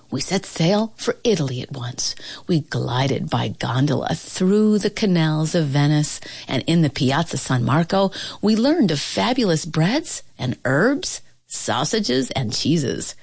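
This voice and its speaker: Woman reading a storybook aloud; husky, lively intonation, dry close sound. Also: low-pitched, no room sound. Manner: expressive, playful, with laughs and dramatic pauses. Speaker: storybook reader. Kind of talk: reading a picture book aloud.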